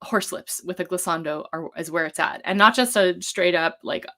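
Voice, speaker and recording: A voice coach leads a live-streamed vocal warm-up, her fairly low-pitched voice moving at a normal speed. She's gentle, encouraging and casual, dropping in the occasional um.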